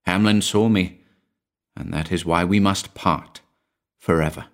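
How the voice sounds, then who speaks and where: A cold, ghostly young woman with a hushed, subdued voice, as a male narrator reads her. Her lines come low and soft in a storybook reading. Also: steady tone, measured pace.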